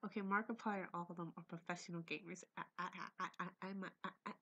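A woman's voice: on the low side, level tone, fast, few pauses, fairly bright tone. A young woman playing a horror game on her phone, talking through her fear, pleading and often dropping to a whisper. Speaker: gamer. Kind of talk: horror game reaction commentary. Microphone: phone or laptop mic.

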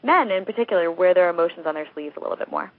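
A woman's voice: lowish voice, expressive, very fast. A young American woman, a novelist being interviewed, chatting freely with frequent laughs and fillers. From United States. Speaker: novelist guest. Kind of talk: interview over a phone line. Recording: tinny phone line.

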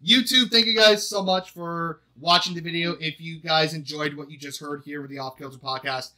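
A man's voice: a little high, steady tone, a little fast, pushed and bright. A young man hosting a casual podcast chat, laughing and poking fun at himself. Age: young adult. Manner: laughing, self-deprecating, flustered. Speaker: podcast host.

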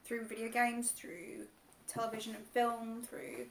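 A woman's voice: fairly high pitch, completely flat delivery, a little slow, creaky. Giggly woman eating on stream. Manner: chatty, giggly, talks with her mouth full. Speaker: mukbang co-host. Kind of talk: casual chat while eating on a livestream. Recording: roomy echo.

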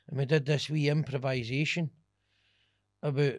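A man's voice: medium pitch, normal speed, dry recording. A Scottish man, a stand-up comedian, telling swear-laden stories in a casual podcast chat. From Scotland. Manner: animated, swearing, laughing storyteller.

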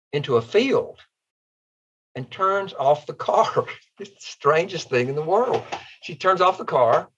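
A man's voice: mid-range voice, lo-fi sound. A man, a guest author telling heartfelt, folksy stories in an interview. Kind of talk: interview storytelling.

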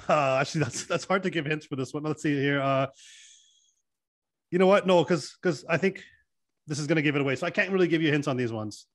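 A man from Canada hosting a podcast, chatty and quick to laugh in casual conversation. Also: on the high side. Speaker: podcast host. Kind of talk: casual chat.

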